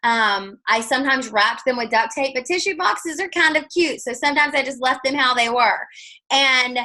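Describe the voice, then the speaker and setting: Over a video call, a woman guest speaker shares her story in a lively, chatty way, acting out snippets of dialogue. Her bright voice sits a touch high, she speaks at a moderate pace, and the recording is rough.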